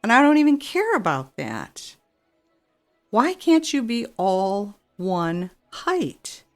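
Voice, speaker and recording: Woman, game commentary, exasperated, grumbling, mid pitch, soft background music. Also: very animated, takes it slowly. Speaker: game streamer. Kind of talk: gameplay commentary.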